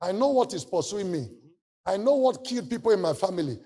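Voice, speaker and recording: A male pastor preaching a sermon testimony, answered by his congregation, moving from hushed talk to loud shouting. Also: sits high, sing-song, a little fast. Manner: preaching with call and response from the congregation.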